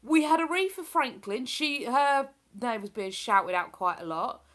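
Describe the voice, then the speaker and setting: A woman's voice: fairly high pitch, lively intonation, measured pace, a bit bright. A woman chatting casually on a live stream, rambling and laughing as she reads out messages from her viewers. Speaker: live streamer reading chat.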